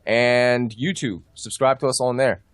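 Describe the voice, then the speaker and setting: A man's voice: mid-range voice, fairly even intonation, unhurried, dry recording, clean studio sound. Profane rambling male podcast host. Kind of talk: casual wrestling podcast chat.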